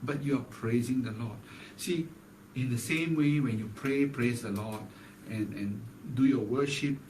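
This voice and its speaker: A man preaching a morning devotional as pastor, animated and emphatic, often tagging lines with "right?". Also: medium pitch, a little slow, a little hiss or hum. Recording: echoey room, mic far off.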